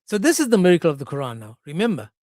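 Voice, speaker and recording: A man giving casual livestream commentary, animated and sarcastic, joking with his chat. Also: a little high, rapid-fire, dry recording, clean studio sound. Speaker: streamer.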